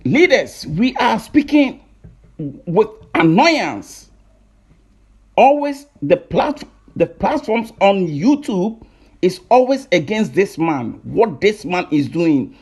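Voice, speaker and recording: A man's voice: high voice, darkish tone, breathy edge. A man from Ghana with a Ghanaian English accent, ranting angrily in a video, accusing and repeating himself with many hesitations. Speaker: online commentator. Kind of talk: angry video rant.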